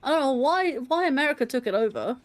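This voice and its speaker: A woman's voice: sits high, expressive, quick pace. A woman with a mix of London and standard Southern English accent, rambling and thinking aloud in casual chat during a game stream. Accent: London English mixed with standard Southern English. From England. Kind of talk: casual chat over gameplay.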